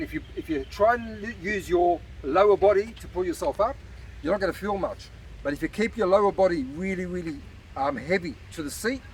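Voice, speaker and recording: Man, fitness coach, slightly breathless, encouraging, fairly high voice. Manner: encouraging, talks to viewers while exercising. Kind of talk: casual workout demonstration. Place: outdoor beach park. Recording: distant outdoor mic with traffic noise.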